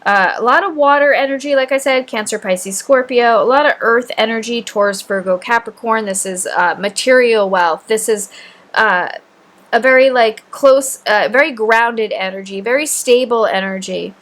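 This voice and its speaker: A woman's voice: on the high side, normal speed, a bit bright. A woman giving a casual tarot reading, enthusiastic and gushing, rambling with many fillers and tag questions. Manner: rambling, filler-heavy, frequent "right?". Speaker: tarot reader.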